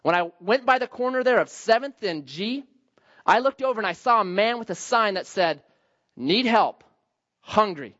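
A man in his forties preaching a sermon, telling a personal story and acting out his younger self in lively bursts. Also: normal speed, dull audio. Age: 40s. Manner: animated, acts out his younger self with high excited outbursts. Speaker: pastor.

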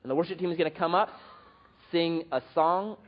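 A man preaching a sermon as pastor, telling a story with lively acted quotes. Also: a little high, a little fast, highs cut off.

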